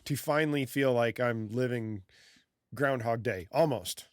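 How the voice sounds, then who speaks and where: A man hosting a podcast, easygoing and playful, with a teasing edge to his banter. His voice sits at an ordinary middle pitch. The recording is close and dry. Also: unhurried, clear, resonant tone, dry recording. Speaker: podcast host. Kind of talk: casual chat.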